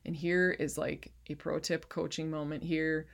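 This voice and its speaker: Low-voiced woman giving an emotional faith testimony. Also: little pitch movement, a little slow, creaky, hardly any pauses. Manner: casual, fervent, preachy, addresses listeners as "you guys" and "baby". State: emotional, close to tears. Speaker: faith-based life coach.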